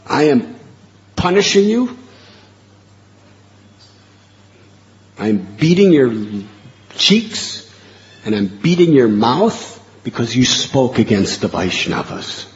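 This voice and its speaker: A man voicing a stern male deity who scolds a devotee loudly and harshly. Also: medium pitch, sing-song, slow, big-room sound, muffled recording. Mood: angry.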